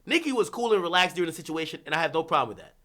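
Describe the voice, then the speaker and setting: A man hosting a livestream, ranting about hip-hop in a casual, profane, animated way with bursts of laughter. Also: a little high, rapid-fire.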